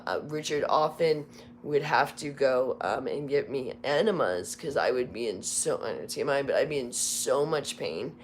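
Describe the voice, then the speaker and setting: A hoarse woman hosting a casual live stream, talking in a candid, rambling, confessional way. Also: very deep voice, a little hiss or hum. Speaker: livestream host. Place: Las Vegas home.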